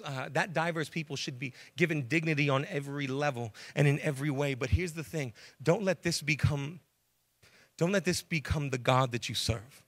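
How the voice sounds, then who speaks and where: A pastor delivering a sermon, a man who has a cold and tells his stories in an animated way. His voice is gravelly with a bright, sharp edge. It sits a little higher than most men's. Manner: animated storytelling, preachy.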